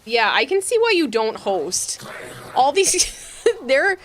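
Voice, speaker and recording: A woman streaming a game, chatting casually and telling animated stories with lots of laughter. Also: high-pitched, takes it slowly, a little hiss or hum. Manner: giggly, animated storyteller. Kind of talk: casual chat while gaming.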